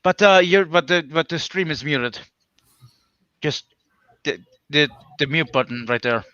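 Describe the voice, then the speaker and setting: A man's voice: a little high, expressive, bright, forceful tone, clean tone, no room sound, dull audio. A man with a nasal voice, a livestream guest chatting casually over a video call, full of fillers and restarts. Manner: halting, many restarts and fillers. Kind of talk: casual chat.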